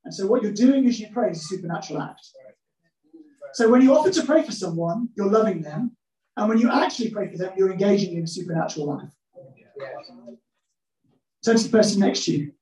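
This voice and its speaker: A woman's voice: medium pitch, lively intonation, fairly quick, pauses often, mellow. A woman preaching a sermon to a church congregation, humorous and acting out little scenes. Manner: humorous, acts out scenes in voices. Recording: echoey church hall, mic from a distance.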